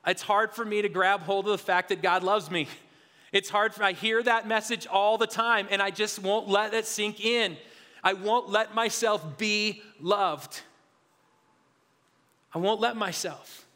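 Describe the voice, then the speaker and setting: A man's voice: high voice, fairly even intonation, unhurried, pushed and bright. A male pastor preaching a sermon in an earnest, confessional way, often restarting and repeating his words. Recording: hall reverb.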